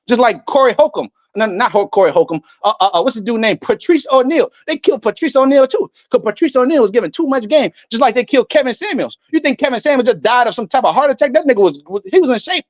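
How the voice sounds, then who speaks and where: A man's voice: extremely high pitch, no echo, dull audio. A man delivering an angry, profane, preachy rant to camera, quoting scripture between outbursts. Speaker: online street preacher. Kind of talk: ranting religious monologue.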